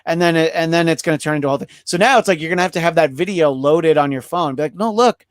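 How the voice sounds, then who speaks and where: A man hosts a podcast in a loose, rambling way, cracking jokes and restarting his sentences. His voice sits a bit high, and the sound is dry and close with no room to it. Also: very fast, no echo. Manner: rambling, jokey, many restarts and fillers. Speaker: podcast host. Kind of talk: casual chat, wrapping up a live show.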